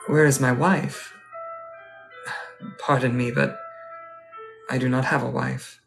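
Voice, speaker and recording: A man playing a polite, wistful Edwardian gentleman at a ball, speaking formally and courteously in a live role-play. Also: medium pitch, flat delivery, slow pace, gravelly, faint music behind. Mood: genteel. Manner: formal, courteous, old-fashioned phrasing.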